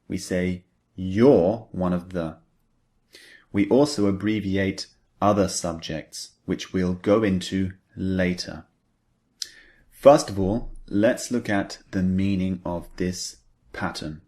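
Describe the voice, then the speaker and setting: A man with a very deep voice teaches an English lesson. He takes his time, pacing each explanation and example sentence slowly and deliberately. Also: fairly even intonation, darkish tone. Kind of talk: scripted language lesson.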